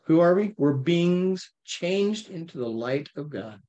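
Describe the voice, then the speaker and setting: A man teaching an informal Bible study, talking with his listeners in a lively, playful way and often checking in with them. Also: a little high, measured pace, dull audio. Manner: conversational, checks in with frequent "okay?".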